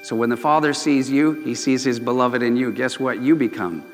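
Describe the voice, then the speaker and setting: A man's voice: normal speed, in a large hall, soft background music. A man preaching a sermon as pastor, his voice rising and swelling when he reads scripture aloud. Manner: expressive preaching, swells in pitch and volume when reading scripture.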